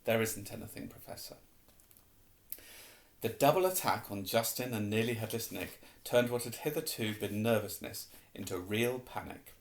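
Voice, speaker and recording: A man reading a novel aloud as an audiobook, steady and unhurried. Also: fairly low pitch. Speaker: reader. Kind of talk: audiobook narration. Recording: roomy echo.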